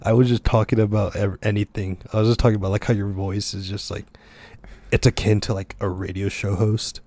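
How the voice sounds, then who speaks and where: Low-voiced man, laughing animated podcast host. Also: fairly quick, no room sound. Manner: laughs often, animated storyteller. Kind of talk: casual podcast chat.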